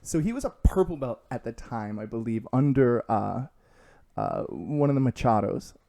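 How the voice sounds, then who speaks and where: Mellow-voiced man telling lively stories. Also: mid-range voice, normal speed, gravelly. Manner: animated, acts out quoted voices with laughs. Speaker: podcast guest. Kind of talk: casual storytelling chat.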